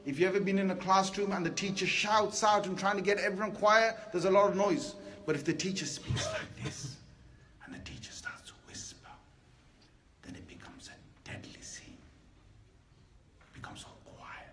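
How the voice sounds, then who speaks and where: A man with a fairly high voice preaches a Friday sermon to a hall of men, calling them brothers. He tells his stories with animation. Faint room ambience sits behind him. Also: a bit bright, slight background noise.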